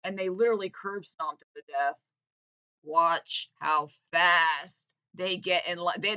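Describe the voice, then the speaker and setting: A woman speaking straight to the camera in an intense, profane rant. Her voice is bright and forceful, and she pushes every point hard. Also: medium pitch. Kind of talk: heated political rant to camera.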